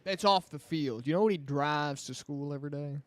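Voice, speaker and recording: A man co-hosting casual college football talk, animated and quick to jump in. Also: fairly high pitch, no room sound.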